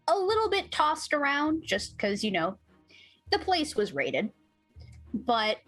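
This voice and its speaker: A woman's voice: medium pitch, a bit bright, no room sound, rough recording. A woman playing a tabletop game, describing a scene thoughtfully. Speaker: player.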